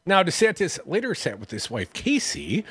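Husky radio guy reading the news and cracking jokes, lively up and down, dry mic. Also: high voice, normal speed, no echo. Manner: sarcastic, wisecracking. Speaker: radio host. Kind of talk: news reading with sarcastic asides.

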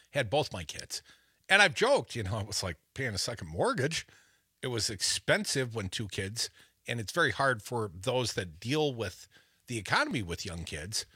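Man, middle-aged, talk host, rambling self-deprecating storyteller, animated pitch, dry sound. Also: slightly rough, dry recording. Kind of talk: casual chat.

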